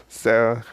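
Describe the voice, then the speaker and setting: A man's voice: a little high, fairly bright tone, breathy edge, dry recording. A man casually narrating an improvised fan story, rambling and self-deprecating.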